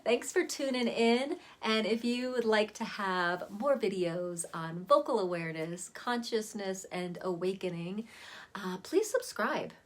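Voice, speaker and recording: A woman vocal coach giving a relaxed, chatty lesson on voice warm-ups, talking to the camera from a seated spot at home. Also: medium pitch, unhurried. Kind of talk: casual spoken voice lesson.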